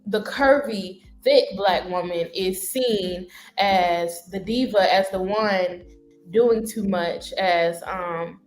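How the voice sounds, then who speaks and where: A woman speaking as a talk show guest, thoughtful and unhurried, pausing often with ums. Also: mid-range voice, reverberant, soft background music.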